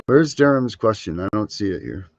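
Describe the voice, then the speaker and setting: A man's voice: lowish voice, sing-song, moderate pace, creaky, dry recording. A man on the show's call, speaking in a defensive, wry way over a dull, lo-fi line.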